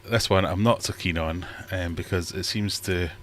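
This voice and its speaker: A man's voice: sits low, fairly even intonation, moderate pace, a bit bright, a little hiss or hum. A man hosting a casual livestream chat, jokey and self-mocking, a bit out of breath. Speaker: livestream host. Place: home fish room.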